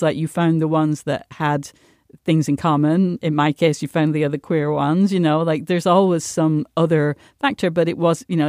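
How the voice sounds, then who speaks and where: A woman's voice: sits low, darkish tone, no room sound. Chatty woman panelist, dry studio sound. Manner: chatty, halting restarts. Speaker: podcast panelist. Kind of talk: casual chat.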